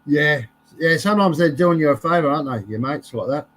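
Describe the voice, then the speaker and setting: A man's voice: on the high side, expressive, a little fast, fairly bright tone, no echo. A man chatting casually, answering with blunt, crude banter. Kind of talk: casual chat.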